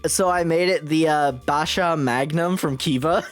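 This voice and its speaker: A woman's voice: low voice, a little slow, soft background music. A woman streaming a video game live, chatting casually with her viewers, laughing often and swearing freely. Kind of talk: casual live-stream commentary while playing.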